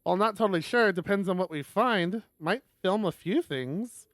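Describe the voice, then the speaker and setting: A man's voice: high voice, moderate pace, fairly bright tone, no room sound, clean studio sound. A man reading the lines of an anxious, laid-back stoner ram in a visual novel, in a mild, offhand way. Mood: unsure.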